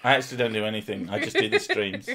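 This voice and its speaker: A man's voice: on the low side, huge pitch swings, racing, pushed and bright. A man hosting a casual live stream, swearing freely and laughing often at his own sarcastic remarks. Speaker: streamer host. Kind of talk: casual chat.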